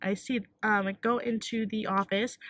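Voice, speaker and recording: A young woman vlogging while sick with a sore throat, telling an animated storytime with lots of likes and acted-out quotes. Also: mid-range voice, moderate pace, no echo. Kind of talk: casual storytime vlog.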